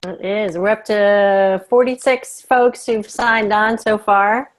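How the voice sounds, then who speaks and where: A woman's voice: medium pitch, steady tone, takes it slowly. A woman on a video call giving attendees friendly instructions in casual chat. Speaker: webinar co-organizer.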